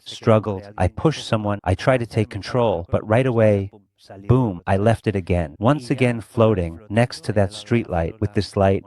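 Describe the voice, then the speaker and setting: A middle-aged man from Spain tells a deeply personal story as an interview guest. His voice sits a little low, and he speaks in an earnest, reflective way with feeling. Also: a little mellow. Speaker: guest recounting a near-death experience.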